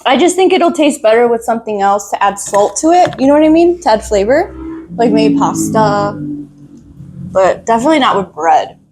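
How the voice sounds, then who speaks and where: A woman co-hosting a casual podcast while eating, giggly and easygoing, gently coaxing her co-host. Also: a little high, very animated, normal speed, faint music behind.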